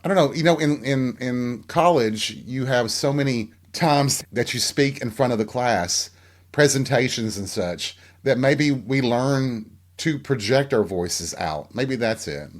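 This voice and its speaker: A man's voice: mid-range voice, expressive, unhurried. A middle-aged man hosting a solo podcast, talking frankly and reflectively in a rambling way and often asking listeners rhetorical questions. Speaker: podcast host. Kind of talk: candid solo podcast monologue.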